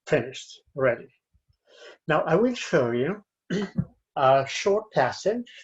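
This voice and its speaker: A man with a Chilean Spanish accent giving a university lecture on reading aloud, with frequent fillers and pauses. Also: fairly high pitch. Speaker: university English teacher. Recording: dull lo-fi sound.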